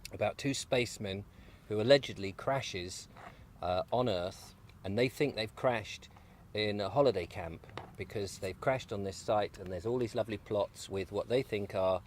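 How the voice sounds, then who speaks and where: A man's voice: lowish voice, a little hiss or hum. A man, a guest, chatting in a rambling, jokey way over breakfast on an allotment, sometimes with his mouth full. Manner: rambling, jokey, talks while eating. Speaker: guest, video maker. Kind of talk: casual outdoor chat. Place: outdoors on an allotment.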